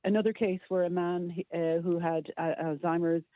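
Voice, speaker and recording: A man's voice: a little high, level tone, normal speed, no echo. An Irish man as a radio guest in casual chat, speaking earnestly with hesitant restarts. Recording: tinny phone line.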